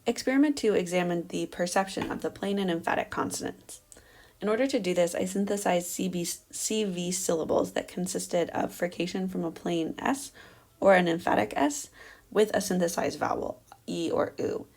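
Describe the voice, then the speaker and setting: Speaking at normal speed in a low-ish, slightly mellow voice, a young doctoral candidate walks through her academic research. She explains with care, though fillers come up often.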